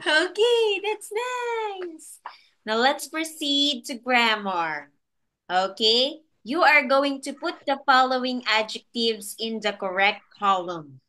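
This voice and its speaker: Slow, bright-voiced woman tutor. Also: on the high side, lively intonation. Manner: patient and encouraging, laughs often. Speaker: online English tutor. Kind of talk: one-on-one online lesson for a child. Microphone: video call.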